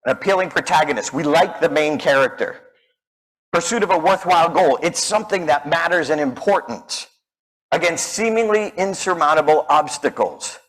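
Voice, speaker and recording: Male speaking coach, slightly high voice, animated storyteller who acts out his characters. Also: normal speed, low-quality recording. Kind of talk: storytelling keynote talk.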